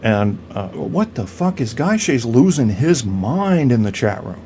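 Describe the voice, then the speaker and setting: A man's voice: mid-range voice, sing-song, a little slow, few pauses, dark tone, a little hiss or hum. A man hosting a podcast in a crude, rambling comedic rant, swearing and stammering through restarts. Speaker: podcast host.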